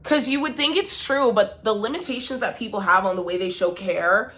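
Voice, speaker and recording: A woman's voice: mid-range voice, a little fast, a bit bright. A woman vlogger talking casually to her viewers, emphatic and exasperated as she vents. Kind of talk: casual talk to camera.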